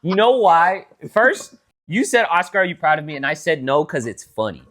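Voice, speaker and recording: This podcast co-host is a young man whose voice runs fairly high, speaking at a moderate pace. In casual chat with his sister, he teases her and spins lively stories, mimicking people in exaggerated voices.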